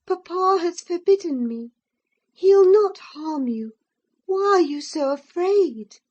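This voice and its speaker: A woman voicing a gentle young woman who coaxes anxiously, in an audiobook reading. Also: extremely high pitch, expressive, slow pace, lo-fi sound, voice pushed up, exaggerated voice. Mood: anxious, coaxing.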